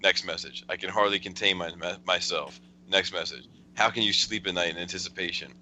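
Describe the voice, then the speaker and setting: A man's voice: low voice, fairly even intonation, fairly quick, pushed and bright, slight background noise, rough recording. A man hosting a casual podcast, chuckling as he rambles through a friend's text messages. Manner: chuckling, rambling storyteller with restarts. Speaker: podcast host.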